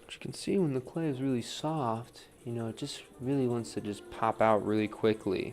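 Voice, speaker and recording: A man's voice: mid-range voice, normal speed, a little mellow, faint music behind. A man demonstrating wheel throwing on a livestream, talking casually, counting his pulls aloud and asking "right?" a lot. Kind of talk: live-streamed pottery demo. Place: pottery studio at the wheel.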